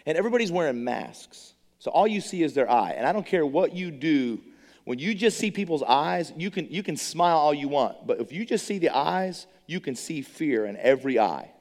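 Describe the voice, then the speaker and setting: A middle-aged man preaching a testimony sermon, an animated storyteller who stammers and repeats words. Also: a little high, normal speed. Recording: long reverb of a large hall.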